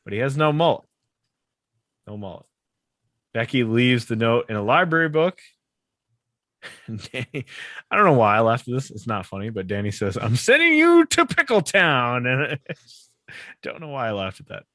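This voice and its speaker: Laid-back man recapping with quick laughs. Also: medium pitch, lively intonation, a bit bright, dry recording. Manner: laughs often, acts out characters' lines. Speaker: podcast co-host. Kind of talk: casual chat recapping a sitcom episode. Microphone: podcast microphone.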